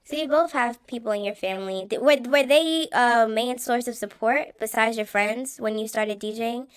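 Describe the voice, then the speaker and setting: A woman's voice: fairly high pitch, normal speed, clean tone, no echo, studio quality. A woman interviewing a guest, asking short curious follow-up questions in a casual chat.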